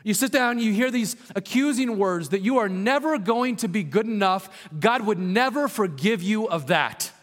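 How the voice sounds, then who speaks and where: A man preaching a sermon as a pastor, earnest, sometimes dropping to a hushed voice for emphasis. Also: sits high, animated, normal speed, hardly any pauses. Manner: earnest, drops to a hushed voice on key points. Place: church hall with long reverb. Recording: reverberant church hall.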